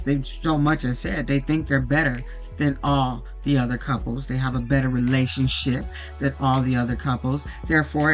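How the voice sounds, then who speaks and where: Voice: mid-range voice, a bit bright, rough recording. A YouTuber ranting bluntly and profanely while recapping a reality show. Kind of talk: casual profane commentary.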